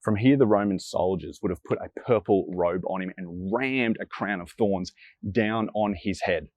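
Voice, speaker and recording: A low-voiced man tells a sermon like a dramatic story. He slows down and drops to a near hush on the heavy moments, then lifts again. The sound is dry and close. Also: no echo. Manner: slows down and drops soft for emphasis. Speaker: preacher.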